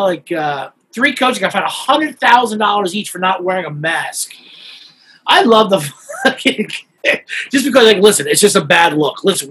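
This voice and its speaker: A man co-hosting a casual comedy podcast, tossing out quick jokes and asides. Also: sits high, fairly bright tone, breathy edge, poor audio. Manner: joking, quick asides and laughs.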